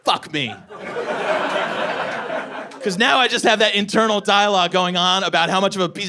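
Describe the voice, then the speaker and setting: A man in his forties performing a stand-up comedy set, telling profane, animated stories with acted-out asides. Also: high voice, normal speed, pauses often. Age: 40s. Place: comedy venue with a live audience. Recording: live show with loud audience laughter.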